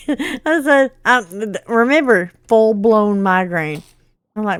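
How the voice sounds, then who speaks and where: A woman's voice: medium pitch, unhurried, pauses often, slight background noise, rough recording. A middle-aged woman, telling a long exasperated story while gaming. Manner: chatty, exasperated, animated storyteller. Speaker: gameplay vlogger.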